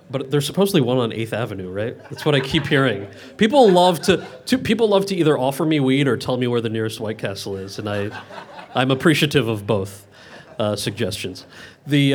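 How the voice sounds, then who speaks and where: A man in his thirties answering audience questions at a Q&A, rambling and correcting himself as he goes. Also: mid-range voice. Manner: rambling, self-correcting, many restarts. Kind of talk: Q&A event.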